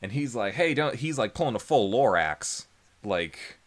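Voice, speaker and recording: Speaking at normal speed, a man with an expressive mid-range voice co-hosts a relaxed anime review podcast. He rambles with many fillers, laughs a lot, and imitates characters in goofy voices.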